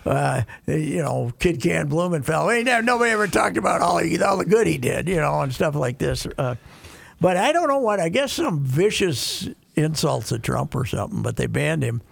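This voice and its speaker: Older male regular, very gravelly and husky, halting chatty delivery. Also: on the high side, very animated, dry recording. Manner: rambling, halting, many restarts. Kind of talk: casual chat, reminiscing.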